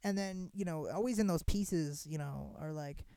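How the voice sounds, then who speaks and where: A young adult podcast host rants in a casual monologue, animated and profane, packed with "like" fillers and constant restarts. The voice is medium-pitched, gravelly yet clean, at normal speed with no echo.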